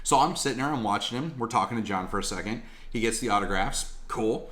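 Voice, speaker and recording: A man telling casual vlog stories in a slangy, animated way, swearing freely. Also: fairly low pitch, fast. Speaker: collectibles vlogger.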